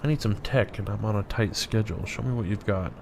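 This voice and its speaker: A man's voice: fairly low pitch, quick pace, creaky, noisy background. A man reading out a curt game hero. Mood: impatient. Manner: plain read-aloud dialogue, curt.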